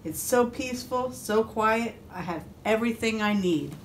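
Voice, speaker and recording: A woman voicing a grumpy, orderly male duck who loves peace and quiet, prim and fussy, turning cross when disturbed. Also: mid-range voice, expressive, normal speed, slight background noise, close to an everyday voice, low-quality recording. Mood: contented.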